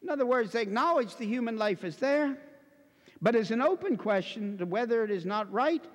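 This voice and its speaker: A man preaching a sermon to a congregation in an impassioned, emphatic way, building to forceful declamation. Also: extremely high pitch, lively intonation, brisk. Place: church before a congregation. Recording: long reverberant hall.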